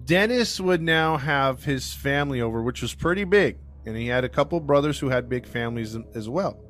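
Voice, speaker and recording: A man with a mid-range, fairly bright voice narrates a true crime case on his podcast, speaking animatedly at a moderate pace. The retelling is casual and rambling, packed with fillers and restarts, and he dramatizes the quotes along the way.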